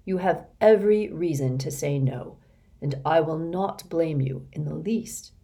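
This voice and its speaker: A woman reading the part of a kindly, wise older man who speaks gently and formally. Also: deep voice, animated, unhurried. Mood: gentle.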